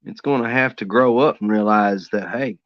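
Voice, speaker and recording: A man's voice: lowish voice, normal speed, dry recording. A man chatting casually and rambling easygoing while he draws live for his stream. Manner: rambling, easygoing, talks to himself while working. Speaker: artist streaming a drawing session. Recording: dull, dry lo-fi sound.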